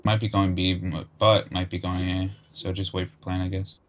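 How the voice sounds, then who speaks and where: A man with a low, deep voice talks over voice chat. He gives his teammates relaxed, hesitant callouts during the match. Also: moderate pace.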